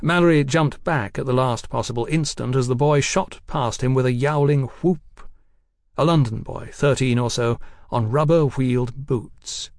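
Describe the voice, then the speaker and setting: This audiobook narrator is a man with a mid-range voice, telling the story in a steady, even way at normal speed. The recording is studio quality with no echo.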